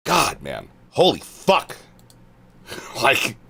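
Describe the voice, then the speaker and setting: A man's voice: mid-range voice, big pitch swings, a little slow, pauses often, bright, forceful tone. A male streamer reading out his chat and answering it, exasperated and swearing, trailing off into muttered asides.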